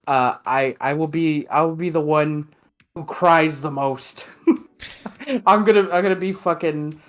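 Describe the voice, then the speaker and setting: A man's voice: a little high, a little slow. A young man co-hosting a podcast in casual chat, rambling, laughing often and swearing. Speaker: podcast co-host.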